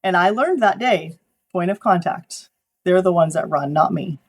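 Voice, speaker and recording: A woman photographer, a guest on an interview show, telling animated stories about client work and acting out the people she quotes. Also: fairly low pitch, normal speed. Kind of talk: conversational interview.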